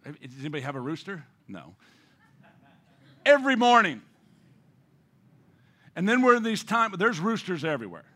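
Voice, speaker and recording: A man preaching a sermon as pastor, swinging between loud emphasis and hushed, near-whispered passages, often repeating words as he restarts a phrase. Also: high-pitched, big pitch swings, normal speed, pauses often.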